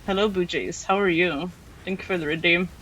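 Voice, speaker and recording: A man's voice: high voice, steady tone, a little fast, bright, forceful tone, lo-fi sound, a little hiss or hum. A male streamer chatting casually and playfully with viewers on a close microphone. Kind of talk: casual live-stream chat.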